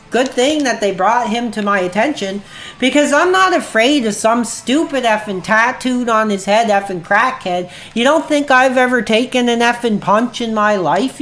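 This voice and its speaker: A woman's voice: fairly high pitch, a bit bright. A woman livestreamer ranting angrily at her chat in a heated, profane way. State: agitated. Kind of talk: angry livestream rant.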